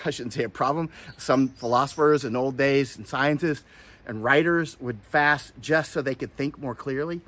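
A man's voice: medium pitch, moderate pace, a bit bright. A man from Florida giving casual commentary, rambling with many restarts and fillers. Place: outdoors, in hot weather.

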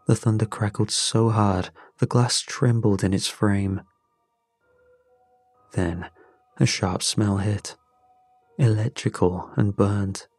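A man narrating a first-person story in a slow, measured way. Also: fairly low pitch, a little mellow, breathy edge, dry recording.

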